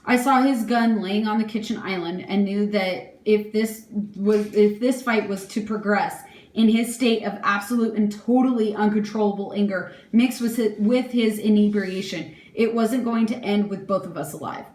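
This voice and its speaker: A woman's voice: medium pitch, normal speed, a little mellow. Young woman reading a statement, roomy echo. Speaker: victim giving an impact statement. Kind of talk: reading a prepared statement aloud.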